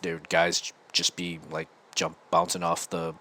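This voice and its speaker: A man's voice: low voice, completely flat delivery, normal speed, sharp tone. An American man hosting a podcast, telling a casual, rambling story full of restarts. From United States. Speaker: podcast host.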